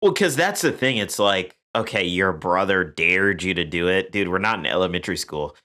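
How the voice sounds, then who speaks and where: Deep, bright-toned young man bantering. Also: expressive, normal speed. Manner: blunt, joking banter. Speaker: podcast co-host. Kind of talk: casual chat.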